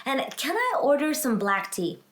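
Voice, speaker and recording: Woman, language teacher, casual lesson, encouraging, slightly high voice, echoey room. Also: very animated. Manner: encouraging, self-deprecating, slows down to model words.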